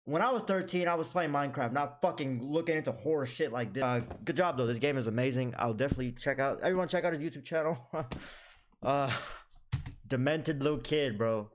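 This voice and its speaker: A young man giving crude, joking commentary on a horror game, mock-scolding the screen and breaking into sudden high yelps when startled. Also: fairly quick, a little hiss or hum. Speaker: gaming YouTuber.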